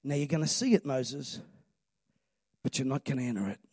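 A man's voice: medium pitch, normal speed, a little mellow, slightly rough, no echo, clean studio sound. A man preaching a sermon, emphatic and calling on the congregation to respond. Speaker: pastor.

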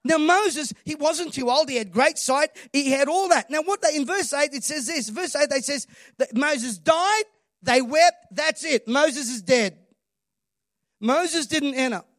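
A man's voice: extremely high pitch, fairly bright tone, no echo, studio quality. A man preaching a sermon, emphatic and calling on the congregation to respond. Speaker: pastor.

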